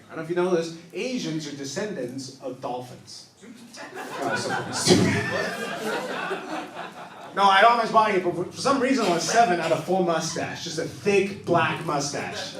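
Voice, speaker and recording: Guy doing standup in a little improv club, kinda high voice, mic off a ways. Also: echoey room, distant mic. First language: not English. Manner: storytelling, acts out characters in quick bursts. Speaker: stand-up comedian. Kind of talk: stand-up comedy set. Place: small improv club stage, live audience.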